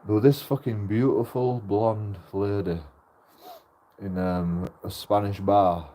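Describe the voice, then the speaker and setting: A man's voice: lowish voice, fairly even intonation, slow, dark tone, a little hiss or hum. A man vlogging in casual, rambling chat. He laughs often, swears a lot and restarts his sentences.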